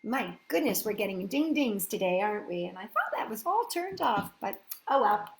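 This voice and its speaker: A woman hosting a children's story reading, gentle and sing-song, often asking her listeners questions. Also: medium pitch, sing-song, normal speed, noisy background. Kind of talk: children's storybook read-aloud. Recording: roomy echoey room.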